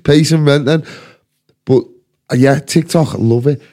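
Scouse podcast host, swears a lot, rambling rants, dark mellow voice. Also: male voice, fairly high pitch, measured pace. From Liverpool, England. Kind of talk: casual chat.

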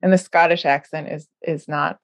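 A woman's voice: deep voice, steady tone, moderate pace, no echo. A woman from the United States hosting a podcast, chatting casually and laughing often. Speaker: podcast host.

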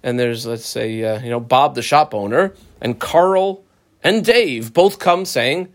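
Lively man teaching a text line by line. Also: medium pitch, unhurried. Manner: animated, acts out claimants' voices. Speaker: Talmud teacher. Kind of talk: line-by-line text study lesson.

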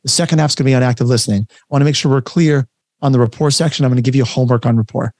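A man coaching a workshop over a video call, talking in an energetic, conversational and emphatic way. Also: mid-range voice, very fast, no room sound, clean studio sound. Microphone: webcam setup, facing camera.

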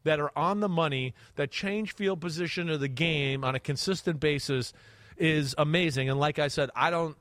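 A fairly high-voiced man talks through football film on his podcast, getting animated and acting out a quarterback's reads with little sound effects. The sound is dry and close to the mic, with no room around it. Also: normal speed, dry recording. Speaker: podcast host and quarterback analyst. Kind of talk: casual podcast chat.

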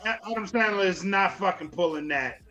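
A man's voice: high voice, fairly quick, music in the background, low-quality recording. A man co-hosting a podcast in casual banter, blunt and profane. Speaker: podcast co-host.

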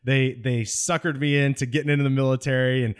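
A man from California, a military veteran guest on an interview podcast, telling his story in an animated way with frequent laughs. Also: mid-range voice, fast talker, clean tone. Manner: animated, acts out voices in anecdotes, laughs often.

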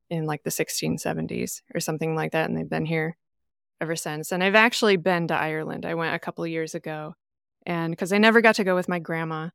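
A Midwestern woman is a guest on a podcast, chatting casually and telling stories in which she gives animated voices to the people she quotes. Her voice is a bit low, smooth and resonant, and the recording is dry and close with no room sound.

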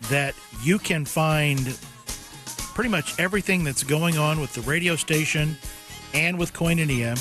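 A man hosting a radio talk show, giving relaxed, conversational plugs for the station. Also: a little high. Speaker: radio host.

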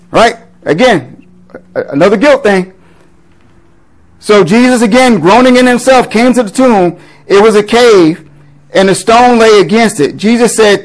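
A pastor reading scripture aloud and explaining it in a conversational teaching sermon, often checking in with a quick rhetorical question. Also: male voice, very high voice, low-quality recording.

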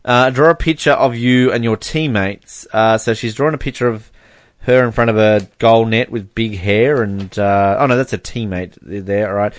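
A man's voice: lowish voice, normal speed, no echo. Laughing, chatty man. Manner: chatty, laughs often, reads fan messages aloud. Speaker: podcast co-host. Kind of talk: casual chat.

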